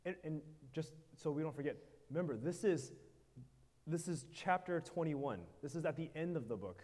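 A man's voice: fairly high pitch, darkish tone. Man preaching in short bursts, in a reverberant hall. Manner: pauses in short phrases for interpreter. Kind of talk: sermon with live interpretation.

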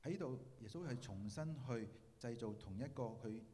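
A man interpreting a sermon into Cantonese, quick and halting with fillers. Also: mid-range voice, expressive, warm tone. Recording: hall reverb.

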